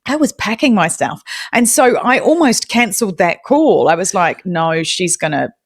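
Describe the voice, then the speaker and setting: A young woman with a New Zealand accent, a podcast guest telling her story in a lively, self-deprecating way with frequent laughter. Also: a little high, moderate pace, breathy edge. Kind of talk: live audio chat.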